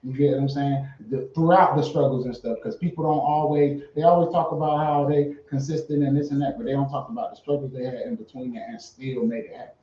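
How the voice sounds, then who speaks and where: Man, mellow and fairly high, emphatic casual talker, dull lo-fi roomy mic. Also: fast, hardly any pauses. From Fayetteville, born in Savannah, Georgia. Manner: animated, emphatic, swears freely. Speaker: guest artist. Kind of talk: casual interview chat. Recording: roomy, distant, dull lo-fi sound.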